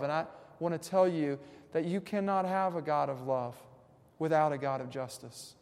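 A man preaching a sermon as pastor, moving between hushed, reflective passages and emphatic, rising points, with casual conversational asides. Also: fairly high pitch, moderate pace, vocal fry, big-room sound.

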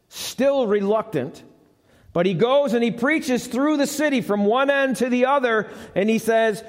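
High-voiced pastor telling a story. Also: male voice, unhurried. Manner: conversational, asks the congregation. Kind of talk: storytelling sermon. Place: church sanctuary. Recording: live church with long reverb.

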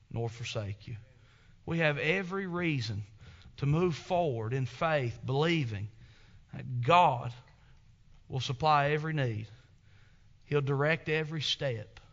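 A man preaching a sermon as pastor, telling stories with emphatic swings between loud and soft. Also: a little high, muffled recording. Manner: emphatic, storytelling preacher with big swings in loudness.

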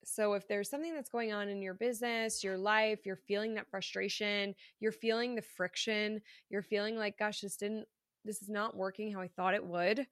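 A woman's voice: mid-range voice, fairly even intonation, normal speed, no room sound. A woman talks through a solo podcast episode in a loose, candid way, dropping fillers and the odd swear word. Her voice is a little stuffed up from allergies. The recording is dry and close, with no room sound. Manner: candid, chatty, swears casually, many fillers. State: congested from allergies. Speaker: podcast host. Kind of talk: casual solo podcast monologue.

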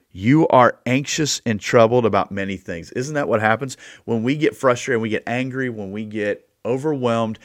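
A man hosting a podcast, giving a casual devotional talk with animated bursts and quiet asides. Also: medium pitch, dry recording, studio quality. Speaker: podcast host and preacher.

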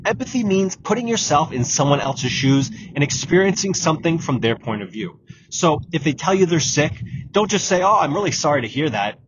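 A man hosting a solo podcast, giving direct coaching advice and repeating key points. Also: on the high side. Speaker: exam prep podcast host. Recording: dull lo-fi audio with clear background noise.

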